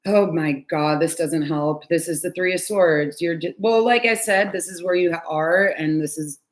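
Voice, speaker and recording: A woman with a somewhat low voice talks through a tarot reading from home in a loose, chatty way. She is candid, sighs often and swears now and then. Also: moderate pace. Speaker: tarot reader. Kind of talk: casual live tarot reading.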